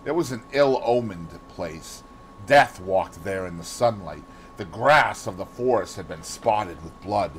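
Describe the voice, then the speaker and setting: Male audiobook narrator with a Boston accent, low and expressive. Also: measured pace, a little hiss or hum, poor audio. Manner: expressive reading. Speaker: audiobook reader. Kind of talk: scripted narration.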